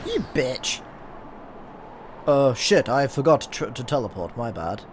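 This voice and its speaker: A man's voice: mid-range voice, big pitch swings, measured pace, a little hiss or hum. A young man hosting a casual gameplay let's play, swearing often, laughing and reading game text aloud. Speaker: gaming let's-play host. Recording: game audio mixed under voice. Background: game music.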